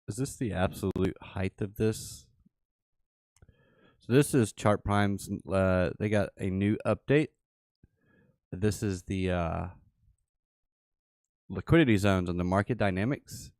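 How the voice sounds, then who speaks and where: A man's voice: sits low, slow, pauses often, a little mellow, no echo, studio quality. A man hosting a livestream, giving casual live chart commentary and thinking aloud with repeated phrases. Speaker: livestream host.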